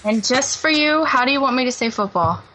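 A woman's voice: sits high, animated, a little fast, sharp tone, low-quality recording. A woman in her twenties calling in to a radio show, dry and a little unimpressed. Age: 20s. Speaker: caller.

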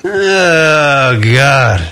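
Animated, foul-mouthed male radio host. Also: mid-range voice, drawn-out words, noisy background. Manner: profane, laughing, riffing. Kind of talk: casual radio banter.

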